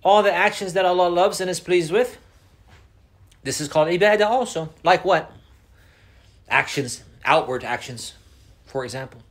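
Male teacher, slightly high voice, classroom lesson style, repeats key points and quizzes students. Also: moderate pace, pauses often, a bit bright. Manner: mixes Arabic phrases into English. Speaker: Islamic teacher.

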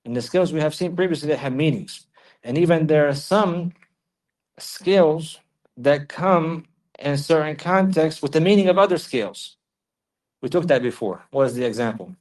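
Man teaching slowly, repeating points. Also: fairly high pitch, a little mellow. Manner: reads Arabic passages quickly, then translates and explains slowly with repetition; checks on listeners with questions. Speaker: religious teacher. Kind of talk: classroom lecture explaining a text.

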